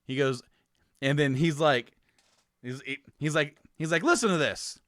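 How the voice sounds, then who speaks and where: A man's voice: fairly high pitch, fairly even intonation, measured pace, a bit bright, no room sound, clean studio sound. A man co-hosting a podcast, telling a story in casual chat, laughing as he goes and restarting his sentences. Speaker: podcast co-host.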